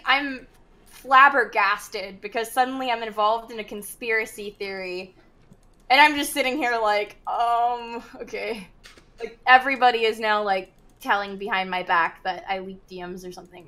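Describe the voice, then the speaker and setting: Bright-voiced chatty woman. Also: fairly high pitch, normal speed. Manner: chatty, giggly, hedging. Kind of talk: casual stream discussion.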